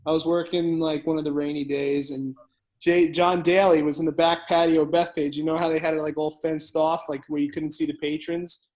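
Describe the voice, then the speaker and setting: A man chatting in casual conversation and telling a quick story, laughing at his own punchlines. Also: on the high side, level tone, darkish tone, poor audio. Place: local pub.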